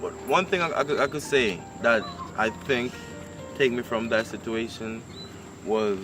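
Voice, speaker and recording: Give me an excited young man touring a house over background music. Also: mid-range voice, unhurried. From Jamaica. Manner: excited, laughing, pointing things out. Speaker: vlogger. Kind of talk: casual home tour and talk.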